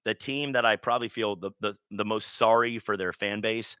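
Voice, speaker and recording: A man's voice: lowish voice, fairly even intonation, normal speed, sharp tone, clean tone, no room sound. A man hosting a casual sports talk show, rambling and joking with plenty of restarts. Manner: rambling, jokey, with lots of restarts.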